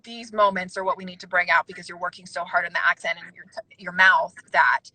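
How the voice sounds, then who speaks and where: A woman's voice: lowish voice, fairly even intonation, sharp tone, poor audio. A woman casting director giving candid, emphatic advice in a casual livestream chat over a video call. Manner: candid, emphatic, fast-talking with asides.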